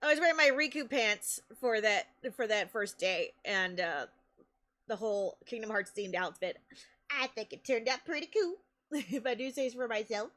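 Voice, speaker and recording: A woman streamer telling stories in a casual, animated way, laughing often and restarting her sentences. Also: medium pitch, moderate pace. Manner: chatty, with many restarts and fillers. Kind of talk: casual live-stream storytelling.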